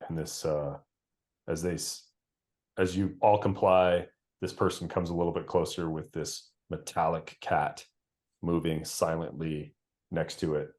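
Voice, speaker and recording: A man narrating as game master, relaxed and laughing often. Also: low voice, unhurried.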